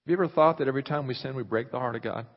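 A man preaching a sermon, moving from loud, fervent delivery to hushed near-whispers. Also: medium pitch, rapid-fire. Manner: impassioned, rising loud then dropping to near whispers. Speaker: pastor. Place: church sanctuary. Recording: muffled reverberant hall recording.

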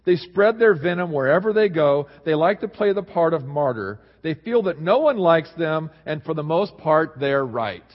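A man preaching a sermon as pastor, swinging between lively emphasis and low, quiet asides. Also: moderate pace, few pauses. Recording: dull sound in a reverberant hall.

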